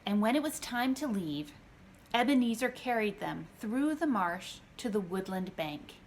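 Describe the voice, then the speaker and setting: A woman reading her picture book aloud, gentle and expressive. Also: mid-range voice, unhurried, a little hiss or hum. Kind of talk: storybook read-aloud.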